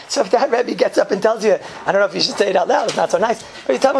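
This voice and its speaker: A man's voice: sits high, fast, a little hiss or hum. A man giving an informal class full of jokes and rhetorical questions, chuckling often. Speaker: yeshiva teacher giving a class.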